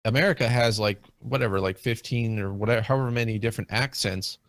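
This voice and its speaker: A man's voice: lowish voice, fast talker, no echo. A man in a casual discussion, talking at length with many fillers and restarts. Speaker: guest in a video game discussion. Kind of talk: casual chat.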